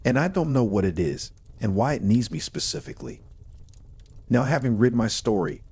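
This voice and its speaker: A man reading a first-person horror story in a steady, measured storytelling manner. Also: mid-range voice, slightly rough.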